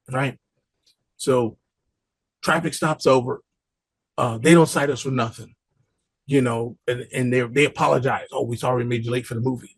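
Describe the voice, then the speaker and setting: A man with a gravelly, husky voice tells a story in a relaxed, casual way, leaning on loose street talk and cursing. His asides come back again and again as he talks. The sound is close and dry, with no room around it. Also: a little high, no room sound.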